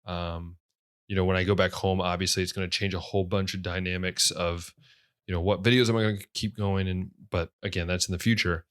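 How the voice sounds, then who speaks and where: Young man, very deep voice, solo podcast host, casual rambling talk, lots of fillers and restarts. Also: level tone, a little fast, a bit bright, clean tone. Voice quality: low radio voice.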